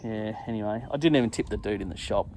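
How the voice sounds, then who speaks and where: A man's voice: fairly low pitch, fast, slight background noise. Man telling a crude story. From England. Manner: animated, crude, self-mocking, acts out his own shouts. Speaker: podcast host. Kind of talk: casual storytelling monologue.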